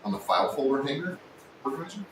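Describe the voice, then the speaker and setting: A man hosting a casual woodworking livestream, chatting and joking with his viewers, sometimes yelling, recorded in a workshop. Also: expressive, very fast. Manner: joking, teasing, with sudden yells. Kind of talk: casual live-stream chat with viewers. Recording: echoey room, distant mic, faint rumble.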